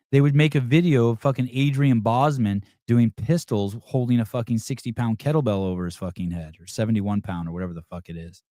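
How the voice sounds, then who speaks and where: A man at mid pitch runs his podcast, reacting to viewer comments with blunt, swear-heavy opinions. He rambles and cuts himself off, and the sound is dry and close. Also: brisk, hardly any pauses, mellow, no room sound. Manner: blunt and heavily profane; rambling, self-interrupting delivery. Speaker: podcast host.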